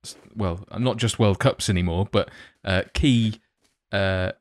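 A man hosting a casual interview, asking questions in a relaxed, hesitant way. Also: on the low side, measured pace, no room sound. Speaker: interviewer host.

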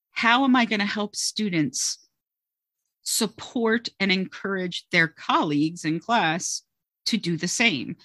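A woman's voice: medium pitch, a bit bright, no room sound, studio quality. A woman who teaches music, chatting as an interview guest and telling stories expressively, often saying "you know" and "like". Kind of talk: conversational interview talk.

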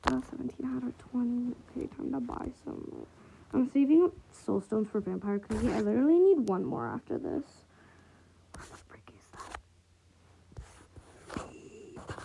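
A young woman casually chatting to herself while playing a game and watching videos, excitable and slangy, swinging between loud outbursts and quiet mutters. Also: mid-range voice, gravelly, slight background noise, poor audio. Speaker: vlogger. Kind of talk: casual gaming commentary.

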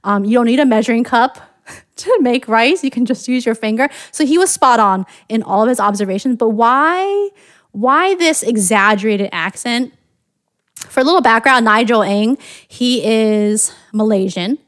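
A woman's voice: a little high, expressive, normal speed, a bit bright, dry recording, clean studio sound. A woman from the United States hosting a podcast, chatting casually and thinking aloud with frequent restarts. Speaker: podcast host.

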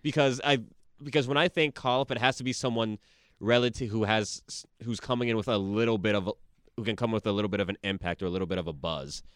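A man chatting casually as a podcast co-host, animated and quick to jump in with questions and opinions. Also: fairly low pitch, clean tone, dry recording, studio quality. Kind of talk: casual chat.

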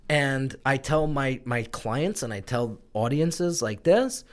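A man's voice: medium pitch, animated, slow pace. A man telling his own story in a conversational interview, candid and emotional, swearing now and then. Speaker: guest, brand strategist.

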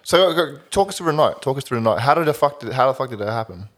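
A man's voice: mid-range voice, fast. A young man hosting a podcast, teasing his friends and telling sweary stories in casual chat. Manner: lively, teasing, sweary storyteller. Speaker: podcast host.

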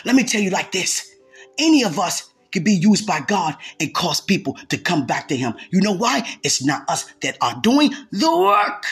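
A woman delivering an impassioned sermon. Her voice is very breathy and husky, and she keeps repeating lines and rising into shouts. Soft music plays faintly behind her. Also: fairly low pitch, sing-song, normal speed. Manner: fervent, repetitive, bursts into shouting. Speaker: preacher.

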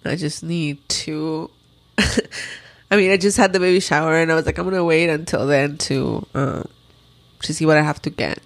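A woman's voice: deep voice, moderate pace, no echo. A woman co-hosting a podcast in casual chat, talking openly and emotionally with frequent laughs, recorded in a studio booth. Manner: open, emotional, laughs often. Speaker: podcast co-host.

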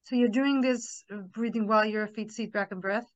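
A woman host chatting casually with her guest on a video call and asking quick checking questions. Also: on the high side, fairly even intonation. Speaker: show host. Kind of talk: casual interview chat. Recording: dull lo-fi call audio.

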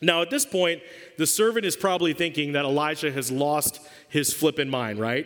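Jokey high-voiced male pastor. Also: normal speed, fairly bright tone, long reverb tail. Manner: conversational and jokey. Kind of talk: sermon.

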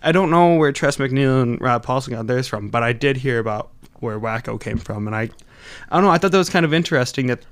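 Smooth-voiced man chatting casually. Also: mid-range voice, a little fast, hardly any pauses. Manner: rambling, animated, trails off. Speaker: podcast co-host. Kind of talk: casual chat.

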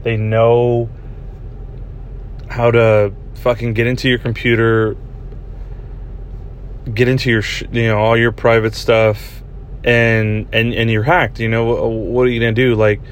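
There's slight background noise as a young podcast host, parked in a vehicle, tells a meandering story with lots of swearing and restarted sentences. His mid-range voice stays level, a little slow, with long pauses.

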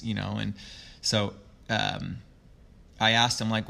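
Low gravelly-voiced man, reflective coach. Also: little pitch movement, a little slow. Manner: reflective, earnest storytelling with soft trailing phrases. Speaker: youth sports coach. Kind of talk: conversational interview.

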